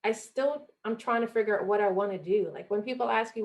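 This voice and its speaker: Young woman, from Jamaica, gravelly voice, earnest motivational talk, podcast guest. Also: medium pitch, a little fast. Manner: earnest, acts out quoted voices. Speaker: guest, former college athlete.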